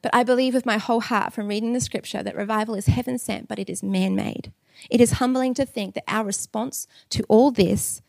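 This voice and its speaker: A woman's voice: a little high, steady tone, a little fast, vocal fry, dry recording. Australian woman preaching with candid humor. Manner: candid, humorous storytelling with laughs. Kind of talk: sermon.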